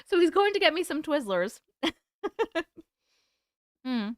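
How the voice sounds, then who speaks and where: A tired woman hosting a live stream at home, chatting casually and warmly greeting viewers by name as she reads their comments. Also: high-pitched, big pitch swings, measured pace, no room sound, clean studio sound. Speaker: host.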